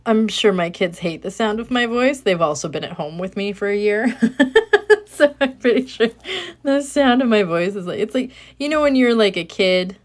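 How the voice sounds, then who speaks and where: A woman in her thirties with a soothing voice, chatting casually and rambling softly while she crafts at home, speaking into a phone. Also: medium pitch, lively intonation, normal speed. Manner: chatty, rambling, soft-spoken. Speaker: craft livestreamer.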